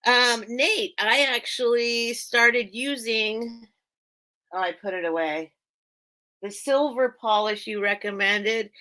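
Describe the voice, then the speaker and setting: A woman's voice: fairly high pitch, slow, pushed and bright. A woman hosting a live online sale, chatting casually and rambling as she loses her train of thought and laughs often. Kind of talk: casual live-stream chat.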